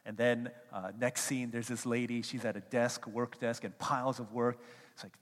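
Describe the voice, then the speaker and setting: Animated male pastor in a reverberant hall. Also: mid-range voice, moderate pace. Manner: animated storytelling with acted-out quotes. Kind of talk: sermon.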